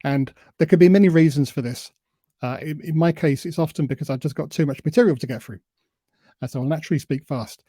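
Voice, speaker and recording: A man giving a presentation on public speaking, who admits he tends to talk too fast and deliberately varies his pace and emphasis. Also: on the high side, mellow, husky, no echo. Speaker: invited speaker.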